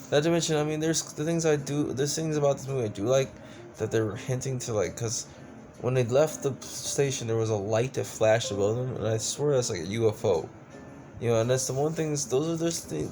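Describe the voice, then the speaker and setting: A man's voice: mid-range voice, darkish tone. A man reviewing a movie in a casual rant, exasperated and profane, rambling with lots of restarts. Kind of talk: casual ranting film review.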